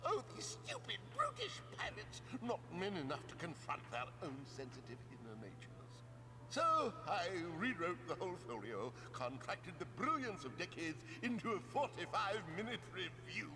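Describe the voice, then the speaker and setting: An actor playing a melodramatic, self-pitying washed-up stage actor in a video game, declaiming grandly. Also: male voice, high-pitched, huge pitch swings, moderate pace, background noise, heavily acted.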